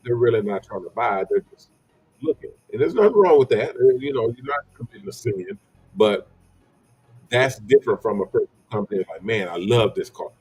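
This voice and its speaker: A man's voice: mid-range voice, animated, a little fast, darkish tone, breathy edge, no echo, soft background music, low-quality recording. A man hosting a livestream in a casual, rambling way, often repeating himself and greeting viewers by name. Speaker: livestream host.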